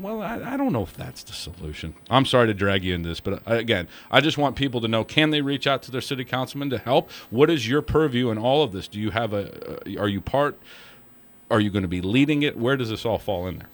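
A man hosting a radio talk show, ranting in a frustrated, animated way. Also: medium pitch, quick pace. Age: young adult.

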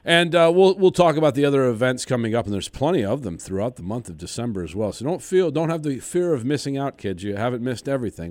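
A man's voice: mid-range voice, darkish tone, dry recording. A man hosting a radio interview, bantering in a jokey, playful way. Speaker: radio host.

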